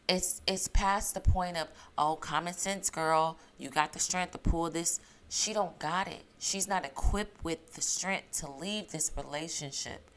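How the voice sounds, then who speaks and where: A woman's voice: on the low side, a bit bright. A woman giving emphatic reality TV recap commentary, repeating her points and asking her viewers questions. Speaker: YouTube commentator.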